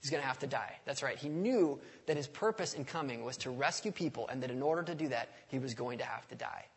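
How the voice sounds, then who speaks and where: Gravelly male pastor in a reverberant hall. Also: mid-range voice, lively intonation, quick pace. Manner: conversational, asks the audience questions. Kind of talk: sermon. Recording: long reverb of a large hall.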